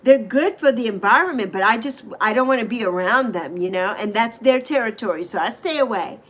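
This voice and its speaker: A middle-aged woman chats on a casual livestream in a fairly high voice. She talks animatedly, bursting into emphatic exclamations as she reacts to her viewers' comments. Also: animated, a little fast. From U.S. Virgin Islands. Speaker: livestream host.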